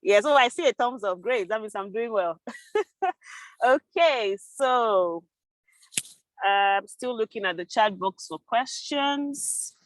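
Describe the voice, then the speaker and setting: A woman hosting an online club meeting, upbeat and brisk as she moves the session along. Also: fairly high pitch, lively intonation, no echo, low-quality recording. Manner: upbeat, brisk emcee chatter. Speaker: meeting host. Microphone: computer mic on a video call.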